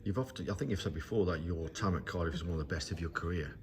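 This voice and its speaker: A man's voice: low-pitched, fast talker, background noise. A man interviewing a guest, asking chatty, friendly questions.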